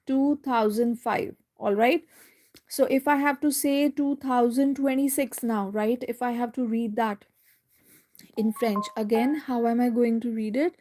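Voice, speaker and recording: A woman teaching French in a live online lesson, going slowly step by step, repeating words and checking in with "right?". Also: a little high, steady tone, a little mellow.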